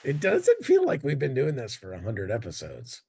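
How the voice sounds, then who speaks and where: A man co-hosting a casual conversation about weekly gospel readings, talking through laryngitis with a croaky, hoarse voice and a self-deprecating manner. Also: medium pitch, huge pitch swings, normal speed, dark tone. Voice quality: croaky, gravelly. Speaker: podcast co-host. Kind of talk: casual religious discussion.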